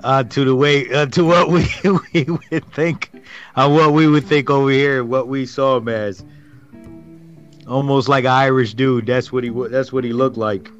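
A middle-aged man co-hosting a podcast tells a story in a rambling, hesitant way, pausing on ums. His voice comes through a dull, lo-fi recording with faint music behind. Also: mid-range voice, fairly even intonation. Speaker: podcast co-host. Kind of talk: casual storytelling chat.

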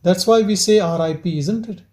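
A man leads a satsang, his voice sitting high for a man yet soft and mellow in tone. He turns over one rhetorical question after another in a gentle, probing teaching manner, the talk reflective rather than forceful. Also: moderate pace. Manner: asks repeated rhetorical questions. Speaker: spiritual teacher leading a satsang.

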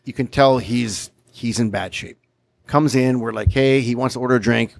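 A Canadian man from Winnipeg, in his thirties, telling a profane, animated story as a podcast guest. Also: medium pitch, moderate pace, gravelly, no room sound. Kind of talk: casual storytelling.

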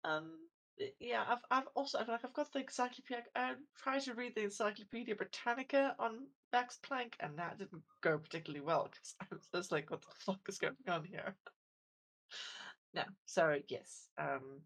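A woman's voice: fairly high pitch, normal speed, fairly bright tone. A woman co-hosting a podcast in casual chat, rambling and self-deprecating, full of fillers and restarts. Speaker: podcast co-host.

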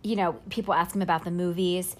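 A woman podcast host retelling a story in casual chat, haltingly, with fillers and self-corrections. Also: fairly low pitch, fairly even intonation.

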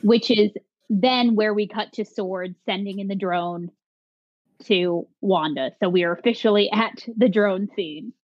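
A chatty woman co-hosting a casual podcast, talking over a video call. Her voice sits at an ordinary middle pitch, and the audio comes through a little dull and lo-fi. She keeps the conversation moving by recapping what happened. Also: unhurried. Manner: chatty, recaps scenes by quoting characters. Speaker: podcast co-host. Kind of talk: casual chat.

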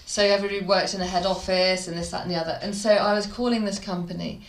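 A woman's voice: mid-range voice, quick pace. Chatty Midlands woman in an echoey room. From English Midlands. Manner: chatty, animated storyteller, laughs often. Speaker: PR expert guest. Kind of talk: casual interview talk.

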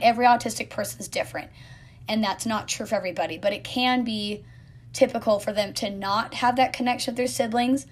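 A woman, likely in her thirties, speaking earnestly and warmly as a mother reflecting on her son, at times dropping to a soft whisper. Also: a little high. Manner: earnest, heartfelt, soft-spoken with quiet whispered asides. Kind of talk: personal reflective monologue.

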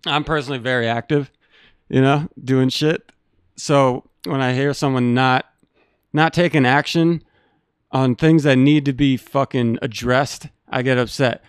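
A man's voice: medium pitch, steady tone, measured pace, clear, resonant tone, no room sound, studio quality. A man hosting a live stream, talking in a blunt, earnest, profane way to his viewers. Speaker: stream host. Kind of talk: casual chat.

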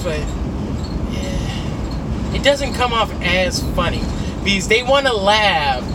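Nasal young guy ranting, lots of swearing, high voice jumping around, street noise behind. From United States. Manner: rambling, profane, animated. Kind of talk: casual rant.

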